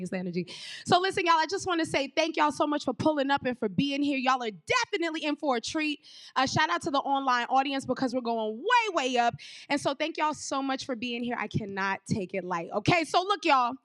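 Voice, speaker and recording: A woman's voice: a little high, dry recording, clean studio sound. A woman from Brooklyn, hosting a live stage show with lots of energy, calling out to the crowd. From Brooklyn, New York. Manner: energetic, hype, addresses crowd as y'all. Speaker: show host. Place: stage of a performing arts venue.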